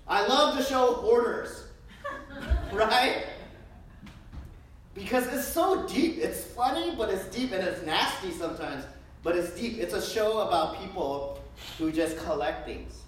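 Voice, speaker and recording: A woman pastor preaching a sermon in a lively, joking way, full of rhetorical questions, in a church. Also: fairly high pitch, unhurried. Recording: very echoey room, distant mic.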